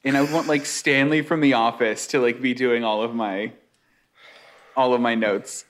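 A man's voice: mid-range voice, steady tone, normal speed, a bit bright. A married man co-hosting a podcast, chatting in an easygoing way. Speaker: podcast co-host. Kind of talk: casual chat.

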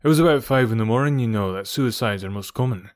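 A hearty, matter-of-fact police inspector read by a man, brisk and plain-spoken. The sound is dry, and the pitch sits in the middle. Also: dry recording, natural voice.

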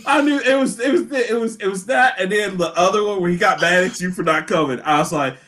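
A man co-hosting a podcast, bantering casually with animated, profane energy and frequent laughter. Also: sits high, brisk, a little hiss or hum. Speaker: podcast co-host.

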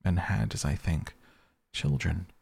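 A man voicing a solemn ghost, grave and measured, in a sleep-story reading. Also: sits low, expressive, vocal fry, darkish tone, slightly rough, dry recording, full character voice.

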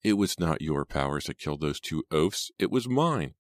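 A man's voice: extremely low pitch, sing-song, moderate pace, dry recording. A man voicing a scornful young woman who practices witchcraft, in an imperious manner, reading an audiobook. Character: scheming young Southern belle witch, scornful. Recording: dry close studio sound.

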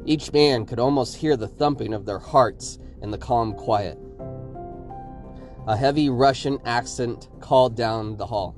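A man's voice: lowish voice, steady tone, moderate pace, a little mellow, faint music behind. A man narrating a horror story for a podcast, building suspense with his delivery.

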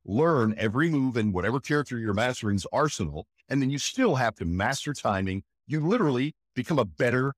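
A man, a voice actor, telling stories in an animated, emphatic way during an interview. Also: mid-range voice, fairly quick, hardly any pauses, dry recording, studio quality. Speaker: voice actor guest. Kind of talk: enthusiastic interview chat.

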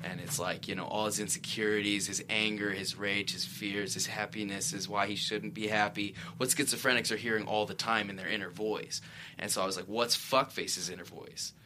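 A man's voice: lowish voice, pushed and bright, a little hiss or hum. A man, an actor guest, telling stories in a rambling, self-correcting way on a casual talk show. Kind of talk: casual interview chat.

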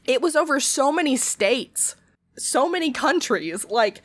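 A woman's voice: high voice, animated, unhurried, dry recording. Blunt swearing woman cohost, dramatic, dry sound no room at all. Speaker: podcast co-host. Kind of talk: casual podcast chat.

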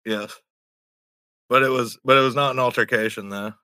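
A man with a very bright, sharp voice chats over a video call. He swears freely and laughs his way through rambling stories. His mic picks him up close and dry. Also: mid-range voice, fairly even intonation, normal speed, smooth, no room sound. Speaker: stranger met on video chat. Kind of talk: casual storytelling chat. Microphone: computer mic on video call.

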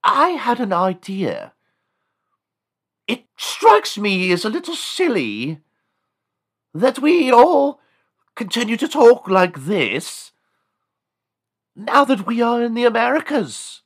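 A man voicing a pompous, posh English colonist gentleman in a mock English accent, drawn out and mannered. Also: very high-pitched, big pitch swings, slow pace, long pauses, pitched above the performer's own voice, full character voice.

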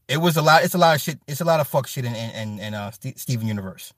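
A man hosting a casual livestream talk, loose and profane, swinging from low mutters to loud animated outbursts. His voice sits at an ordinary male pitch. It is recorded dry and close, with no room sound. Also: fast, no echo. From Chicago. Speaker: livestream host reading chat. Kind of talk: casual chat.

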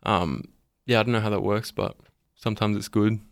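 A man's voice: on the low side, steady tone, moderate pace, gravelly, no echo, clean studio sound. A man with an Australian accent, a musician guest on a radio show, talking in a laid-back, hesitant way with many ums. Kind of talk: casual radio interview. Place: radio studio.

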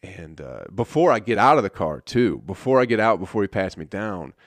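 Deep-voiced man telling a story casually. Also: sing-song, a little fast, dry recording. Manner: laid-back, profane, rambling. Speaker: stand-up comedian.

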